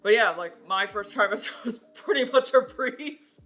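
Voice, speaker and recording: A woman's voice: on the high side, animated, normal speed, a bit bright, faint music behind. A young woman vlogging in a casual chat to the camera, talking freely with many fillers and frequent laughs.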